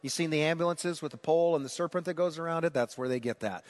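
Animated male pastor preaching in a hall. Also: on the high side, fast talker, hardly any pauses. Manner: animated, builds to emphatic preaching. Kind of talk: sermon. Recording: long hall reverb.

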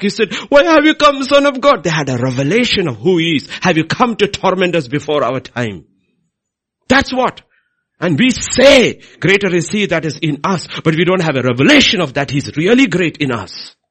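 A middle-aged male preacher delivers a sermon. His voice is husky and fairly high, and it rises and falls in lively swings between forceful emphasis and hushed asides.

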